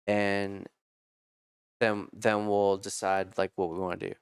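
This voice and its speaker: Low, smooth-voiced man telling race stories. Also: unhurried, dry recording, clean studio sound. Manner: animated, swears freely, acts out quotes. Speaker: podcast guest telling racing stories. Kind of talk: casual storytelling.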